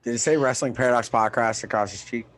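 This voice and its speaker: A man's voice: medium pitch, steady tone, fast, fairly bright tone. A man in his thirties co-hosting a podcast, joking and swearing freely in a casual chat. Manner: profane, joking reactions. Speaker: podcast co-host.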